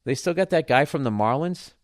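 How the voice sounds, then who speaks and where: A man's voice: medium pitch, a little fast, no room sound, clean studio sound. Profane ranting man. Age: middle-aged. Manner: profane, animated ranting with frequent restarts. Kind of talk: casual rant about baseball.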